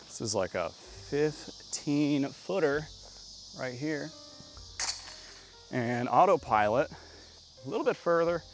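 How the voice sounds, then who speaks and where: A man giving casual, chatty play-by-play of his own throws on a disc golf course outdoors, getting excitable on good shots. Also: medium pitch.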